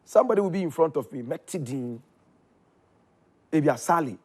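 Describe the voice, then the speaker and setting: A man with a Ghanaian accent telling his story in casual chat, animated, his voice jumping up when excited. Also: fairly high pitch, moderate pace, breathy edge. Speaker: guest.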